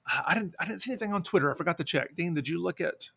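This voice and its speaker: A man's voice: fairly high pitch, racing, creaky, breathy edge. A man co-hosting a board game podcast, chatting casually and jokingly reading out listener responses. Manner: relaxed, joking, reads listener responses aloud. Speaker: podcast co-host. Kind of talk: casual chat.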